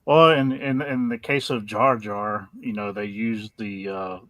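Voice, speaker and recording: A man joining a casual online chat, speaking in a hesitant, halting way. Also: fairly low pitch, fairly even intonation, a bit bright.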